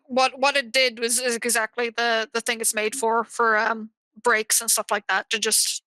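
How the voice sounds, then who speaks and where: A woman's voice: a little high, flat delivery, moderate pace, bright, forceful tone, no echo, low-quality recording. A woman chatting casually on a stream, stammering and restarting her sentences often. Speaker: stream guest. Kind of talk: casual chat.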